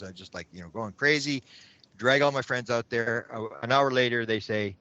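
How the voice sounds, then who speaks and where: A man tells a story as an interview guest. He gets animated and trips over repeated words as he goes. The recording sounds dull and dry, with no room around the voice. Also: medium pitch, moderate pace, no room sound.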